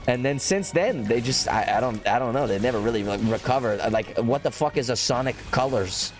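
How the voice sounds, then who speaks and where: A young man streaming a game, chatting casually and rambling with excitement, swearing and breaking into high whoops. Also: a little fast, soft background music. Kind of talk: casual gameplay commentary.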